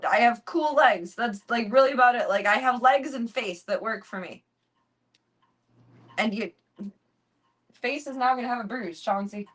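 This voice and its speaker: A young woman chats casually on a live stream from home, swearing freely and cooing baby talk at her pets. Her voice is fairly high and a bit bright, with a moderate pace and frequent pauses.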